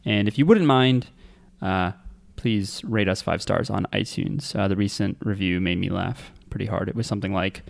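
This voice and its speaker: Brief: male podcast host, lowish voice, dry self-mocking banter. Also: moderate pace, vocal fry, few pauses. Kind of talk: casual podcast chat.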